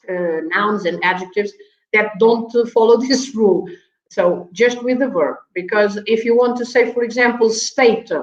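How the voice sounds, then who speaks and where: Slow, patient woman teacher. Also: fairly high pitch. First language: Portuguese. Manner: patient, many fillers, checks in with "right?", light laughs. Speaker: language teacher guest. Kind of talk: explaining grammar on an online show. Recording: echoey, dull lo-fi video call audio.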